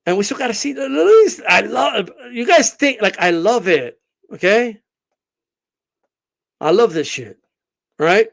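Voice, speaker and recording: A man with a strikingly high voice rants about boxing on a livestream, brash and profane. His pitch leaps up and down as he mocks commenters in his casual style. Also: sing-song, unhurried, vocal fry, pauses often. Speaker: boxing channel host. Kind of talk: animated livestream rant.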